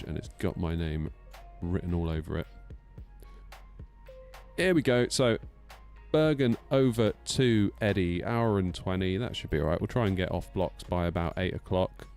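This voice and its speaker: Chatty man, low voice. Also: darkish tone. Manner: chatty, self-mocking, reads chat aloud. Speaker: flight sim streamer. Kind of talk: casual live-stream chat.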